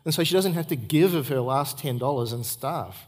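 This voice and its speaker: A middle-aged pastor delivers a sermon at a church service, his mid-range, husky voice moving fairly quickly. He tells stories earnestly, repeating key points for emphasis.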